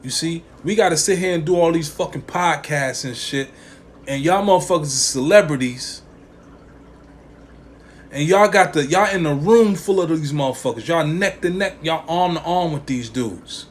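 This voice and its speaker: Male podcast host with a slightly high voice, blunt, profane, heated opinion monologue, faint noise under it. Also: moderate pace. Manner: emphatic, profane, repeats lines for emphasis; slangy street talk.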